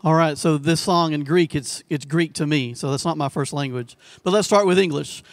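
A man leading a congregation in song, coaxing and unhurried between the sung lines. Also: a little high, no room sound. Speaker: song leader. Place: church sanctuary.

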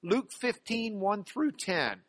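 A man preaching in a church with a high, bright voice. He is lively and playful, and he acts out the scripture he quotes with humor. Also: slow. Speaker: pastor. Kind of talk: sermon.

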